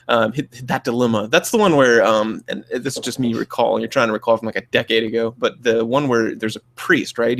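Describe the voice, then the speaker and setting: A man co-hosting a podcast in casual chat, rambling with many fillers and restarts and jumping his pitch up to act out quoted voices. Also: gravelly, a bit bright. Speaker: podcast co-host; clinician.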